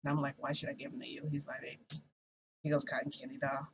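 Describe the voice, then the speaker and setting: A woman's voice: rumbling low, level tone, quick pace, gravelly, background noise. A woman vlogger telling a long story in a casual, rambling way, swearing and acting out what people said.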